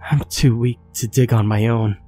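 A man's voice: medium pitch, fairly even intonation, normal speed, mellow, faint music behind, natural voice. A man voicing a small, frail, dying female creature from another world in a scary story, speaking in a weak, shaky, breathless way. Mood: frail, fearful.

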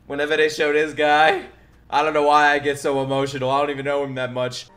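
A man streaming his reaction to an anime, excitable and profane, laughing and shouting at the screen. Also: on the high side, fast talker. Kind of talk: casual reaction commentary. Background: anime soundtrack music playing.

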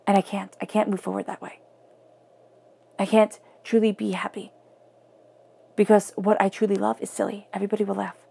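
A woman giving an earnest tarot reading, often dropping her voice to a soft near-whisper for emphasis. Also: medium pitch, little pitch movement, fairly quick, creaky, long pauses, breathy edge. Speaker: tarot reader.

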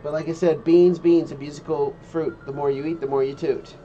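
A man's voice: a little high, fairly even intonation, a little fast, warm tone, highs cut off, a little hiss or hum. A man chatting casually on a livestream, rambling and joking and trying out silly impressions. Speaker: streamer.

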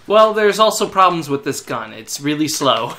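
A man's voice: fairly high pitch, normal speed, slight background noise. A young man casually chatting and swearing while playing a video game, laughing often. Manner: excitable, swears, laughs a lot. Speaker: player. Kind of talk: casual let's play chat.

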